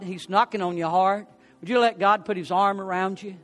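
A man's voice: high voice, steady tone, brisk, a bit bright, in a large hall, faint music behind. A man preaching a sermon, telling folksy stories and rising to fervent appeals.

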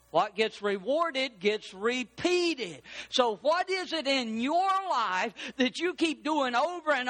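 A man preaching a sermon as pastor, with emphatic repetition that builds toward shouting. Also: high voice.

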